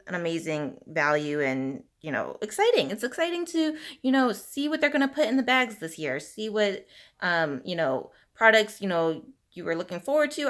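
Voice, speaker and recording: A woman in her thirties ranting casually about a shopping letdown while applying makeup, talking in a loose stream full of fillers. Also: medium pitch. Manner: animated venting, heavy use of fillers like "you know" and "like". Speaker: beauty vlogger. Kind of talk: casual ranting get-ready-with-me chat.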